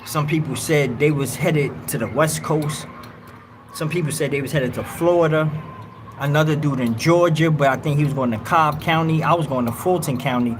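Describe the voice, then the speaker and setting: Stream host, male, slangy storyteller, slightly high voice, audible hiss behind him. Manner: animated street slang storytelling, acts out others. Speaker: livestream host. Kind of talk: casual storytelling.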